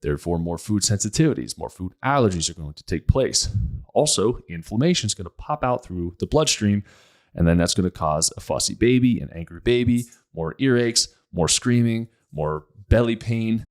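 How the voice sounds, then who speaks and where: A man with a lowish voice hosts a podcast, speaking animatedly at a moderate pace. His casual monologue is blunt and emphatic, and he often repeats his points.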